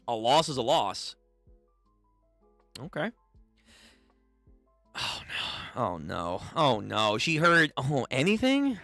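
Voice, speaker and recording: A man's voice: medium pitch, sing-song, takes it slowly, long pauses, a bit bright, no echo, soft background music. A man reading manga chapters aloud and reacting in casual, profane commentary, stammering and restarting as he talks.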